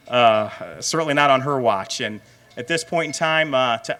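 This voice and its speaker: A man's voice: mid-range voice, normal speed, sharp tone. A middle-aged man emceeing an awards banquet, talking in a rambling way with many fillers. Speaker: director of racing, emcee.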